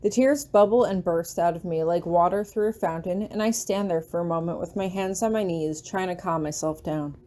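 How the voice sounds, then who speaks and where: A woman narrating a fanfiction audiobook in an expressive first-person storytelling manner. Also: on the low side, moderate pace, hardly any pauses. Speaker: audiobook reader.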